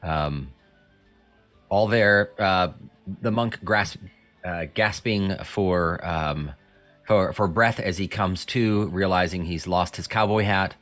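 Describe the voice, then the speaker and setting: A deep-voiced man runs a tabletop game as its game master. He narrates haltingly, full of fillers and restarts. Faint music sits behind him. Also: a bit bright.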